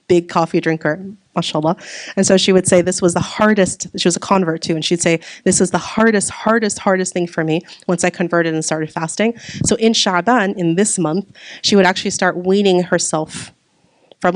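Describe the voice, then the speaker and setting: A woman's voice: fairly low pitch, no echo. A woman giving a religious talk to a live audience, asking them questions and repeating key words for emphasis. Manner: asks the audience questions and waits for answers. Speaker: religious teacher.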